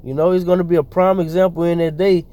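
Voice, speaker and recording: A man's voice: fairly high pitch, level tone, fast, mellow. A man teaching scripture, reading verses aloud and then commenting in loose, slangy asides with fillers and repeated words. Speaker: preacher.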